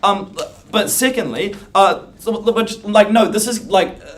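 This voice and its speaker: A teenage boy debating in a slightly high voice. His delivery is loose and full of fillers, and he sounds as if he is recorded from across the room. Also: measured pace, fairly bright tone. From New Zealand. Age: teens. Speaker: school debater. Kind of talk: competitive debate speech. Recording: distant room mic.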